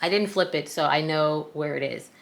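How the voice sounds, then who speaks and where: A woman with a deep, creaky voice speaks at normal speed. She's a craft tutorial host from the American South, Southern accent and all, casually talking viewers through sewing with folksy, self-deprecating charm.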